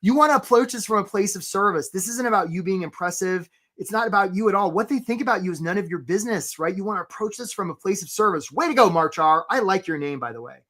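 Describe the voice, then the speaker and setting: Energetic man coaching a live webinar. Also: high-pitched, fast talker, hardly any pauses. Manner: energetic, peppers talk with "right?" and shout-outs to viewers; acts out voices for stories, playful.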